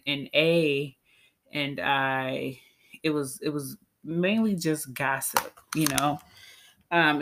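A woman telling a personal story in a casual, candid, chatty way that often breaks into laughter. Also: deep voice.

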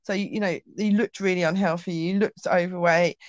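A woman's voice: on the low side, fairly even intonation, fairly quick, no echo, dull audio. Chatty woman telling her story. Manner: chatty, acts out dialogue, frequent ums. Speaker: guest. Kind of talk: personal storytelling.

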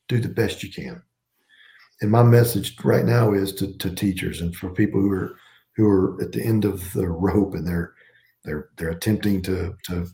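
A middle-aged man with a low, gravelly voice and a dark, mellow tone speaks earnestly as a superintendent in a podcast interview. He presses his points with emphasis and often restarts his phrases. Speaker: school district superintendent.

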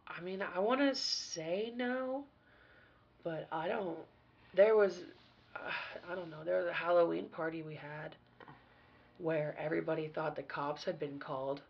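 A woman guest on a podcast, casually telling party stories in a profane, animated way with sudden loud bursts. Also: low voice, a little slow, gravelly, long pauses, breathy edge, muffled recording. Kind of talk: casual storytelling chat.

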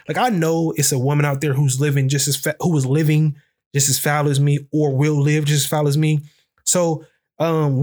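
A young man with a fairly high voice tells a candid, profane story. He rambles, loaded with fillers and loose grammar, in a casual storytelling style. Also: darkish tone. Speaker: podcast host.

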